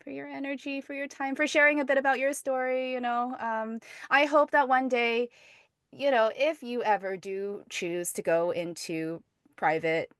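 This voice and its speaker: A woman's voice: high voice, steady tone, moderate pace, fairly bright tone, clean tone, no echo, studio quality. A woman hosting a podcast interview, chatty and bubbly, with stumbling restarts and frequent laughter. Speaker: podcast host. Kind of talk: casual interview chat.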